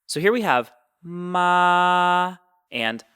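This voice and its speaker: A man's voice: mid-range voice, expressive, normal speed, fairly bright tone. A man teaching Mandarin tones, explaining patiently and demonstrating each sound. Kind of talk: explaining with spoken examples.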